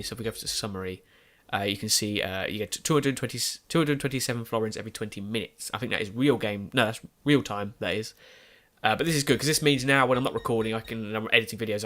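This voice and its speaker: A man's voice: medium pitch, fairly bright tone. Nasal-sounding man commentating a game. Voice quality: rambling, self-correcting. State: has a cold, nasal. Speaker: gaming YouTuber. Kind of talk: let's play commentary.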